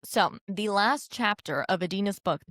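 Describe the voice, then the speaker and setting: A woman co-hosting a podcast, chatting casually about a book and acting out scenes with lively quoted lines. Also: mid-range voice, moderate pace, dry recording, studio quality. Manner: animated, acts out scenes in quoted voices. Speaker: podcast co-host.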